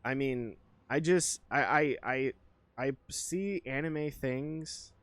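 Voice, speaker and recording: A man's voice: mid-range voice, slow pace, fairly bright tone, no echo. A man streaming a game and chatting with his viewers, rambling and hesitant with lots of fillers as he thinks aloud. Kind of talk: casual live-stream chat with viewers.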